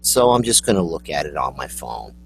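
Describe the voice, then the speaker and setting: A man's voice: extremely low pitch, very animated, a little fast, creaky, soft background music. A man co-hosting a casual chat, ranting bluntly and swearing, often laughing. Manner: blunt, profane rants with laughter. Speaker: co-host. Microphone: computer setup.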